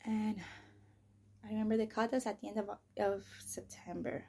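Woman podcast host, husky and a little gravelly, casual and profane, rambling storyteller. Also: mid-range voice, steady tone, normal speed. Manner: profane, rambling, full of "you know" and "like"; drifts into soft, breathy near-whispers.

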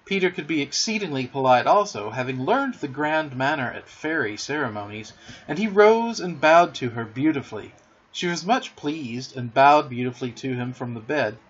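A man narrating a storybook aloud with expressive, dramatic storytelling, on a muffled lo-fi recording. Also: medium pitch, moderate pace, breathy edge.

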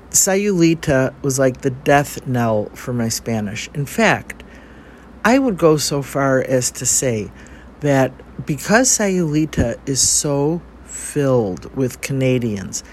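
A man's voice: mid-range voice, a little hiss or hum. A man talking casually about life abroad in a travel vlog, rambling along with many fillers and restarts. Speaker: travel vlogger. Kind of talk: casual spoken travel diary.

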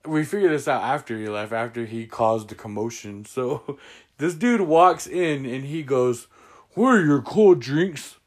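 Young guy host, rambly casual storytelling, laughs a lot, mid pitch. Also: measured pace. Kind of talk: casual chat.

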